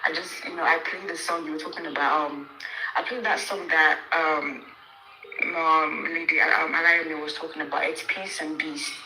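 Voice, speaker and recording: A woman talking in a halting, emotional way, with many fillers and restarts, in a casual online discussion. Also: low-pitched, steady tone, pushed and bright, slight background noise. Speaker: participant in an online audio room. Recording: echoey with faint music behind.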